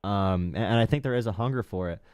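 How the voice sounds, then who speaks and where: A young man from the Appalachian coal region hosting a live political call-in show, talking fast with many fillers and restarts. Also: fairly low pitch, a little mellow, smooth, no echo, clean studio sound. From Appalachian coal region, USA. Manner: rapid, lots of fillers and restarts. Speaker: political talk show host.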